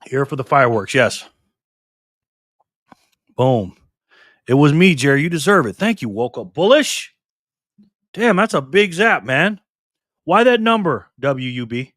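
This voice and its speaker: An older man hosting a casual live stream, reading comments aloud in a chatty, excitable way. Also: on the high side, measured pace, long pauses, no echo, studio quality. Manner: chatty, excitable, laughs often.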